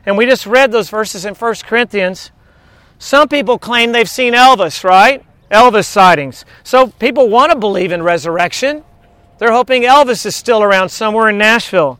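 A man preaching a sermon and reading scripture, emphatic, often asking the congregation quick questions. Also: extremely high pitch, bright, forceful tone, dry recording.

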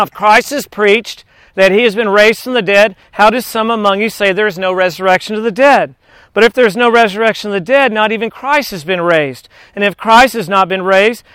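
A man preaching a sermon and reading scripture, emphatic, often asking the congregation quick questions. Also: high voice, fairly bright tone, smooth, no echo.

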